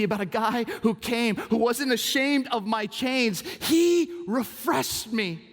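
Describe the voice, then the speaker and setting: A man preaching a sermon as pastor, telling stories in an animated way, swinging from hushed to exclaiming. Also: high voice. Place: church auditorium. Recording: reverb from a large hall.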